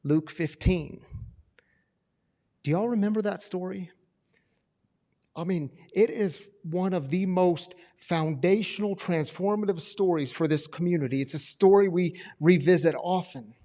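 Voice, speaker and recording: A man preaching to a recovery church community, telling a story with swings between loud and hushed delivery. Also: sits high, fairly quick. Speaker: pastor. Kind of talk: sermon storytelling.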